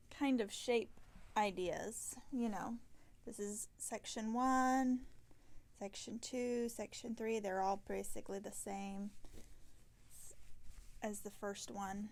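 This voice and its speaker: A tired woman hosting a knitting podcast, chatting casually and rambling, with soft half-whispered asides. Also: on the high side, takes it slowly, pauses often. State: tired and yawning. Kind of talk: casual chat. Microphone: self-filmed camera.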